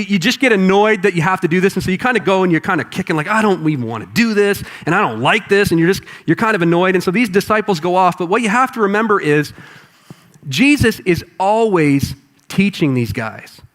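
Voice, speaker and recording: A man preaching a sermon to a congregation in a conversational, animated way. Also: sits high. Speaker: pastor. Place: church auditorium with congregation.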